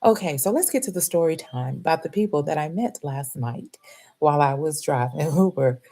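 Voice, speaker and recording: A middle-aged woman, telling a story in casual chat to her live audience, animated and laughing often. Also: sits low, brisk. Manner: animated, laughs often, acts out quoted voices.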